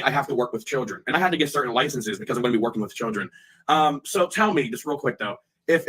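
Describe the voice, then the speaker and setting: A man's voice: on the high side, a bit bright, poor audio. A man streaming live, ranting heatedly in profane language and often repeating himself.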